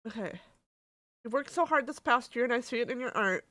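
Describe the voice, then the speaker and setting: A woman streamer talks casually to her chat, emotional and candid, swearing freely as she reads messages aloud. Her voice is bright and somewhat high, and the sound is close and dry, with no room around it. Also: expressive, fairly quick, no echo.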